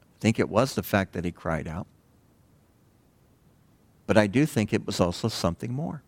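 A male pastor preaches in a relaxed, conversational way, often stopping to put rhetorical questions to his listeners. His pitch rises and falls a lot, so the delivery sounds animated. The sound is dry and close, with almost no room echo. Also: normal speed. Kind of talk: sermon.

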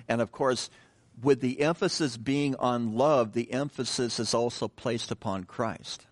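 A man's voice: mid-range voice, a little slow. A middle-aged man preaching a sermon, reading scripture and praying, then talking in a loose, conversational way with restarts and joking asides. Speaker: pastor.

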